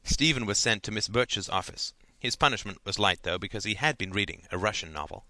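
A man narrating a novel aloud in a measured, dryly humorous way. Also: on the low side, lively intonation, bright, forceful tone, no room sound. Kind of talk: audiobook narration.

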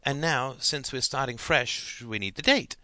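A man voicing a clever, calm schoolboy who talks in a matter-of-fact, deadpan way. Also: medium pitch, a little slow, no room sound, pitched above the performer's own voice. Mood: mock-teacherly.

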